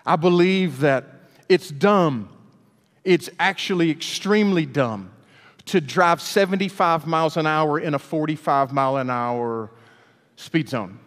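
Man, preacher, animated storyteller, fairly high voice, reverberant hall. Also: a little slow. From Alabama, US. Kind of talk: storytelling sermon.

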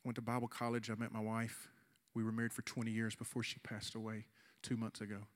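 A youth pastor in his forties, with a lowish, monotone voice, preaches an earnest sermon with an altar call, slowing down for emphasis and pleading with the room.

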